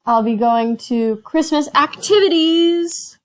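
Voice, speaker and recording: A woman's voice: high-pitched, animated, slow, fairly bright tone. A woman hosting a casual board game play-through, reading cards and counting spaces aloud with chatty asides. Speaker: host.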